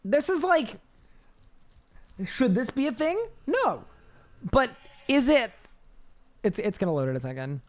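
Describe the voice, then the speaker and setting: A man with a high-pitched voice, chatting casually on a live game stream, reading chat aloud and rambling with restarts. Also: sing-song, a little slow, long pauses.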